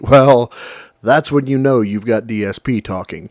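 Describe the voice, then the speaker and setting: A man's voice: medium pitch, moderate pace, a little mellow, no echo, clean studio sound. A man narrating a scripted commentary video in a sarcastic, mocking manner.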